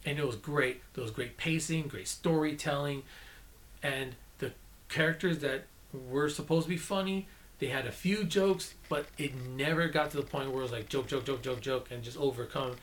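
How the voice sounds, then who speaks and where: A man's voice: on the high side, moderate pace, fairly bright tone. A man giving a casual, chatty spoken movie review, often correcting himself mid-sentence, with an accent of his own. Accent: non-native English, own accent. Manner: chatty, self-correcting, enthusiastic.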